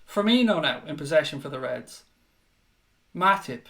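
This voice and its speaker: Sweary fan commentator. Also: male voice, a little high, expressive, moderate pace. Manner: frustrated, sweary, outbursts of shouting. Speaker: watchalong host. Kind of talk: live fan reaction commentary.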